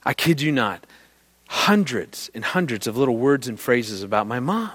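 A middle-aged man giving a talk on marriage, telling a story to an audience and acting out the people in it with lively voices. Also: mid-range voice, normal speed, slightly rough. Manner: animated, acts out the people in his story.

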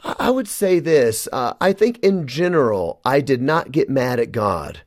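A man's voice: mid-range voice, big pitch swings, a little slow, no echo. Man guest, earnest testimony, dry close studio mic. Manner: earnest, emotional storytelling. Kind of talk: personal testimony in a radio interview.

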